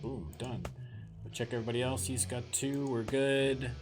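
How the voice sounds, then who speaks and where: Man, let's play host, casual game commentary, wry and self-deprecating, mid-pitched, guitar game music behind. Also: steady tone, normal speed.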